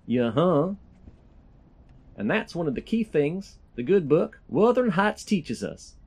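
A man's voice: on the high side, big pitch swings, measured pace, darkish tone, full character voice. A man voicing a folksy, rambling hillbilly preacher in a put-on Southern drawl. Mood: preachy. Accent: put-on generic American Southern. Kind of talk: comedic sermon parody.

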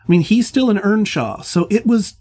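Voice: mid-range voice, expressive, moderate pace, dark tone. An instructor leading a literature seminar, speaking thoughtfully with frequent restarts and hedges.

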